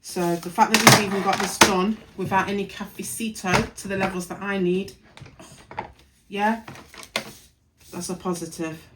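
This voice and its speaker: A woman's voice: mid-range voice, steady tone, moderate pace, long pauses, very noisy. A tired woman, chatting and muttering to herself while working in her craft studio. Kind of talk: casual crafting vlog narration.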